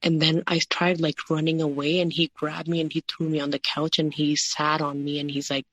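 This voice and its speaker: A woman guest recounting a personal story in an interview, halting and filling her talk with "like" and "you know". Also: sits low, flat delivery, fairly bright tone, no echo.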